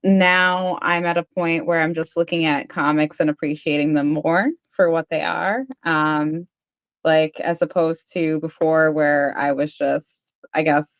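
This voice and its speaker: A woman's voice: sits low, fairly even intonation, unhurried, smooth, no room sound, muffled recording. A woman, a comic creator guest, talking casually and thoughtfully, with many fillers. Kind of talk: casual interview chat.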